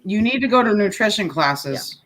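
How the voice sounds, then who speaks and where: A woman's voice: mid-range voice, animated, fairly bright tone, rough recording. A woman in a casual group chat who speaks emphatically and often cuts in. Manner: emphatic, quick to interject.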